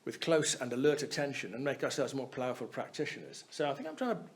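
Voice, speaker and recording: Male dharma teacher, mid-pitched, conversational lecturing tone, keeps asking "yeah?". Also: sing-song, fast talker. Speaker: Buddhist teacher giving a talk. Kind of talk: chatty explanatory dharma talk. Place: Buddhist centre hall.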